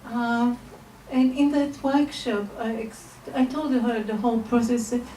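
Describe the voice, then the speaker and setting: A middle-aged woman telling a heartfelt personal story at a live storytelling event, soft and hesitant with restarts. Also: a little high, fairly even intonation, measured pace. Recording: roomy distant live recording, faint noise.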